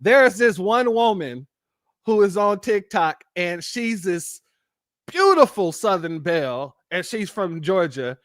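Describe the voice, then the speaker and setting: Taking it slowly, a Los Angeles man with a high voice hosts a livestream, speaking casually and animatedly to viewers and frequently quoting people in an even higher, playful tone. The audio is dry and recorded close to the microphone.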